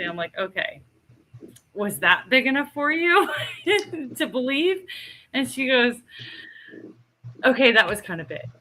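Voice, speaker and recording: On a podcast she co-hosts, a middle-aged woman recounts a story with lively, casual energy, frequently laughing and reenacting people's words. She speaks at a medium pitch, and a slight hiss or hum is audible.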